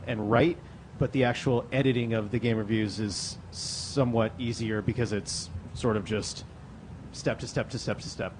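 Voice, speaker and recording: A man's voice: mid-range voice, darkish tone, a little hiss or hum. A man hosting a convention panel in a loose, chatty way, reading out fan questions. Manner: loose, chatty, lots of fillers. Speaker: panel host. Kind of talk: casual panel moderation.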